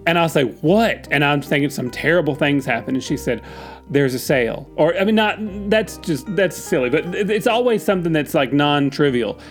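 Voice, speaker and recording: A man's voice: fairly high pitch, expressive, fairly quick, few pauses, faint music behind. A man co-hosting a podcast, telling stories in a chatty way and acting out quotes with gasps. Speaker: podcast co-host. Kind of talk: casual chat.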